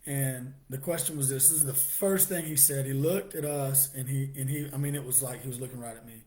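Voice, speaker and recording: Man telling his story haltingly. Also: mid-range voice, steady tone. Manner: halting, with restarts and soft laughs. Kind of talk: personal testimony.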